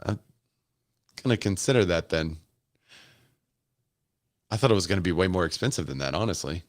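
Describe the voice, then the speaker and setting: A man's voice: low voice, lively intonation, normal speed, no room sound, studio quality. A man hosting a live stream, casually commenting on a keynote as it plays and chatting with viewers in the comments. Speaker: host.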